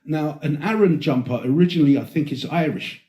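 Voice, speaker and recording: A man's voice: on the high side, brisk, mellow. A man hosting a podcast, telling stories in casual chat, rambling, laughing and swearing as he goes. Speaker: podcast host. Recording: roomy echo.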